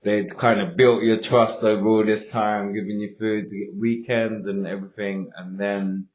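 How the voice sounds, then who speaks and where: A man interviewing a guest, offering brief prompts and soft acknowledgements. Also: on the low side, little pitch movement, moderate pace, poor audio.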